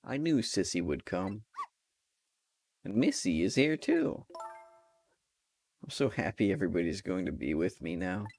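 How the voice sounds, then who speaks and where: A man voicing a meek, apologetic young girl in a game, reading her lines softly and slowly. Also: sits low, big pitch swings, faint music behind, full character voice. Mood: sweet.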